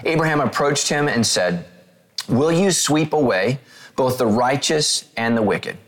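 A man preaching a sermon. He reads scripture slowly and retells it in casual, animated paraphrase, talking straight to his listeners. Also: mid-range voice. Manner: talks directly to listeners, asks them to take notes.

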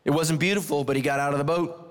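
A middle-aged man delivers a sermon with animated storytelling, swinging his pitch wide as he acts out characters. His voice sits a touch high for a man. The sound carries the long reverb of a large hall. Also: fast. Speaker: pastor.

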